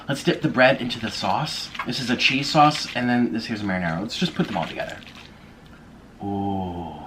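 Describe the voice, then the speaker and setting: A man's voice: on the low side, moderate pace, background noise. A man doing a casual eating vlog as a YouTuber, gushing and exclaiming over his food between bites, indoors by a window. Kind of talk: mukbang eating vlog chatter. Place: indoors by a window in a city apartment.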